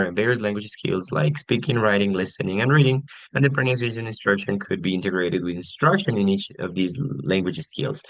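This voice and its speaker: A man's voice: on the low side, no room sound, poor audio. Man explaining an English lesson plan. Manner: explanatory, frequent "okay" and restarts, acts out example sentences. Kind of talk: recorded class presentation.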